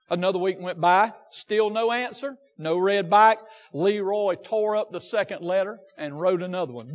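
A man preaching a sermon in a folksy way, dropping to a hush and then rising to an impassioned pitch. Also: normal speed, few pauses. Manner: folksy, swings from hushed to impassioned. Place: church hall. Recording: long hall reverb.

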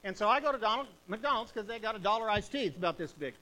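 In an old-fashioned revival style, a man preaches an evangelistic sermon full of emphatic repetition, swinging between loud exhortation and hushed intensity. His voice is high and expressive, and he talks fast.

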